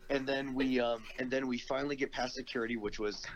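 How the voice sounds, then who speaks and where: A man's voice: mid-range voice, fairly even intonation, lo-fi sound. A young man chatting as a podcast guest, telling a long anecdote with lots of swearing and laughter. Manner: profane, laughing anecdote with quick asides. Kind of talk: casual storytelling.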